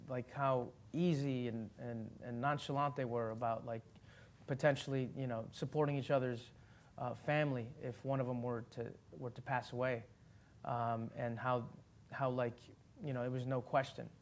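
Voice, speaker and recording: Rambling man telling an animated anecdote. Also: medium pitch, moderate pace. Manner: animated storyteller, rambling with many fillers and restarts; laughs as he talks. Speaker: actor guest. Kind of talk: casual anecdote at a Q&A.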